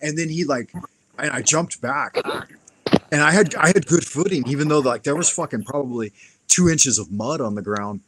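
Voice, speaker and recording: A man with a slightly high voice talks at a normal pace over some background noise. He's hosting a live stream, casually recounting a profane fight story and acting out what the people involved said, all in an animated, expletive-laced way.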